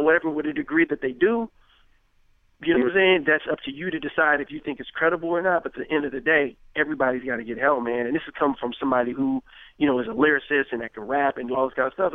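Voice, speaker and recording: Dude from richmond california rambling on about music, lots of you know what i mean, sounds thin like over a phone, dry. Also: male voice, medium pitch, no echo. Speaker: rapper guest. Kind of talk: casual interview talk. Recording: tinny phone-like line, dry.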